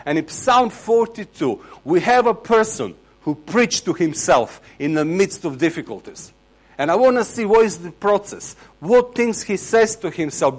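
A man with an Eastern European accent giving a sermon in plain, conversational English with halting, non-native phrasing. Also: a little high. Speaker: preacher.

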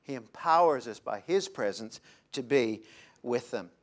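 A man preaching a sermon in a dramatic way, swinging between loud emphasis and hushed, drawn-out phrases. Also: mid-range voice, lively intonation.

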